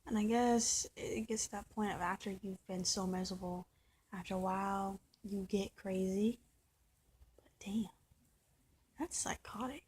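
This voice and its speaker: A woman's voice: mid-range voice, flat delivery, moderate pace, darkish tone, a little hiss or hum. A woman talking straight to camera in a personal vlog, venting and often restarting and repeating her words. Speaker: vlogger.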